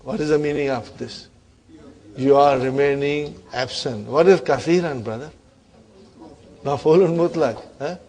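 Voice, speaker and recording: A man teaching an online Arabic grammar class, encouraging his students and often checking in with a quick "huh?". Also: a little high, a little mellow. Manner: addresses students as brothers and sisters.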